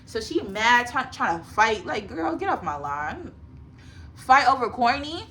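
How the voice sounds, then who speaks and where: A woman's voice: on the high side, big pitch swings, moderate pace, a bit bright. A woman in her twenties telling a personal story to her viewers in a casual, emphatic storytime vlog. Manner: chatty, emphatic, talks straight to viewers. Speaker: vlogger.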